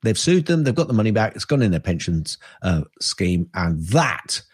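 Husky man chatting news. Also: on the low side, sing-song, normal speed, no room sound, studio quality. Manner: rambling, chatty, trails off and restarts. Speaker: podcast co-host. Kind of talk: casual chat reading tech news.

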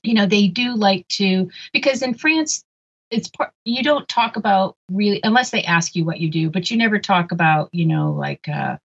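A woman's voice: medium pitch, normal speed, husky, dull audio. An older American woman chatting casually, telling stories with many restarts and asides. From United States. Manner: chatty, animated storyteller with frequent restarts. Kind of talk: casual chat.

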